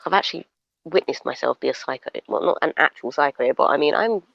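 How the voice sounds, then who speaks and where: A woman co-hosting a livestream in blunt, sweary casual chat, with a gravelly voice. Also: deep voice, quick pace, a little hiss or hum. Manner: blunt, swears a lot, lively. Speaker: livestream co-host. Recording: dry, dull lo-fi stream audio.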